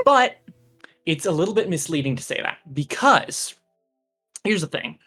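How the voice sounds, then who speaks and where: Brief: mid-pitched teacher on a voice call, patient and explanatory, fillers like "uh", music faint behind. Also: big pitch swings, a little slow, fairly bright tone, slightly rough. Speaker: computer science teacher. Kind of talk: casual explanation on a stream.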